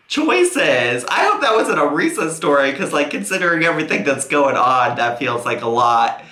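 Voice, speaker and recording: A man's voice: on the high side, sing-song, normal speed, few pauses, pushed and bright, roomy sound. A man giving sarcastic, teasing reaction commentary as a YouTuber.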